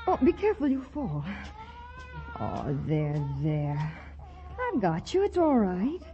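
An actress playing a pert young shop clerk with a chirpy, quick-witted manner, in 1940s radio acting on a dull old broadcast recording. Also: female voice, mid-range voice, huge pitch swings. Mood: flustered.

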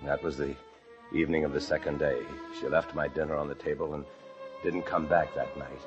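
A man's voice: rumbling low, level tone, brisk. An actor playing a frightened fugitive hiding in an attic, narrating his story in tense, breathless 1940s radio drama style. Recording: muffled old radio recording with music.

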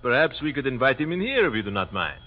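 A gracious French artillery officer speaks formal, careful English with a French accent and a lively, wide-ranging pitch. It sounds like a vintage radio play, dull and lo-fi. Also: male voice, fast. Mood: grave. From France. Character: courteous French artillery captain, reflective. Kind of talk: 1940s radio acting. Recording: dull old radio recording.

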